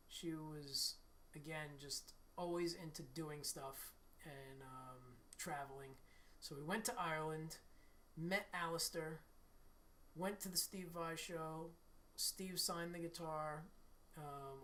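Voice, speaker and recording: A middle-aged man with a slightly hoarse voice, talking slowly and easily as he hosts a live stream. He rambles in a relaxed way and thanks viewers by name. A faint hiss of noise sits under his voice. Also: fairly high pitch. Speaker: livestream host and guitarist. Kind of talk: casual chat with live viewers.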